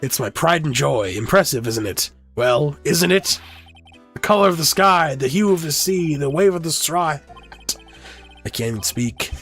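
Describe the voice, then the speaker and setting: A man voicing a pompous older male lawyer who dodges questions, clearing his throat and drawing out his words. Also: on the high side, expressive, a bit bright, soft background music. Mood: proud, boastful. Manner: blustery, clears throat, drawn-out pauses.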